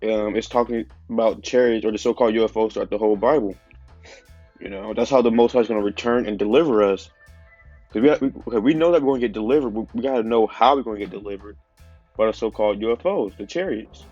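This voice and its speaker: Male preacher, stuffy-nosed, lower voice, loose conversational delivery; muffled phone audio. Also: quick pace, a little mellow, no room sound, soft background music. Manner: casual, conversational preaching with many fillers. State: stuffy nose. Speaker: religious teacher. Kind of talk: informal religious teaching video.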